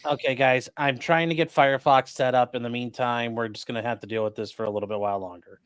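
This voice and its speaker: A man of middle pitch talks loosely on a livestream, in quick bursts full of fillers. His voice sounds close and dry, with no room around it. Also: steady tone, clean tone, no room sound. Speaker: defense attorney co-host. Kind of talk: casual livestream commentary.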